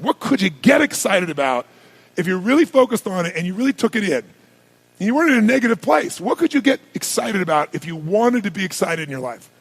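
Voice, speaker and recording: A man with a high, gravelly, husky voice preaches self-improvement to a large live audience. He talks emphatically, firing questions at the crowd and pressing each point home. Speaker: motivational speaker. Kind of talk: motivational seminar talk.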